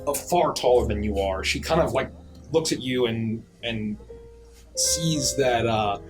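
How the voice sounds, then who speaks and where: A man narrating as game master in a tabletop game, describing the scene loosely with lots of pauses and restarts. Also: medium pitch, music in the background. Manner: loose, with many fillers and restarts while describing.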